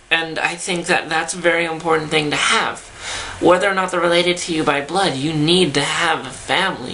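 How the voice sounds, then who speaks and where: A woman's voice: fairly low pitch, sharp tone, slight background noise, low-quality recording. A young woman vlogging from home into her camera mic, chatting casually and rambling with self-deprecating asides. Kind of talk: casual vlog chat. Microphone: camera mic, talking to camera.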